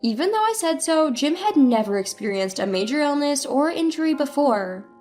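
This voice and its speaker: A woman's voice: sits high, sing-song, moderate pace, a little mellow, faint music behind. A woman telling a first-person story in earnest, dramatic scripted narration.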